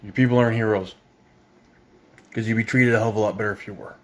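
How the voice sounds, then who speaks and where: A man's voice: on the low side, steady tone, quick pace. A young man from Ontario delivering an angry, sarcastic, swear-filled rant as a parent. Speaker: parent ranting on video. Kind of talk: profane political rant.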